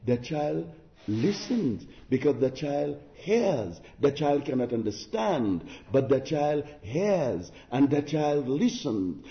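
A man's voice: mid-range voice, very animated, slow, reverberant, dull audio. A man preaching a sermon in an earnest, exhorting manner, with rhetorical questions and emphatic repetition.

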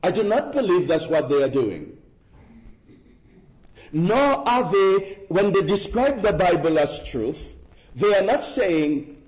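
A man preaching a sermon in a slow, deliberate, emphatic way, with rhetorical asides to his listeners. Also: fairly high pitch, big pitch swings. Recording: muffled lo-fi sermon recording.

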